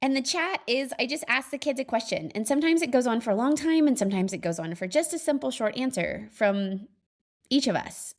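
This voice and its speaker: A woman in her thirties talks on her own podcast, chatty and earnest, full of "like" and "you know" and little laughs. Her voice sits a bit high for a woman. She sounds upbeat and reflective, as if thinking aloud to friends. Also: expressive, brisk. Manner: chatty, upbeat, laughs often, many fillers. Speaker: podcast host. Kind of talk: casual solo monologue.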